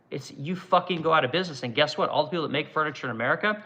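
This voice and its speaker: A man's voice: a little high, fast, few pauses, sharp tone. A middle-aged man hosting a woodworking livestream, ranting angrily with heavy swearing and frequent "right?" tag questions. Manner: angry, profane, repetitive "right?". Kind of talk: profane livestream rant. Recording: dull lo-fi sound.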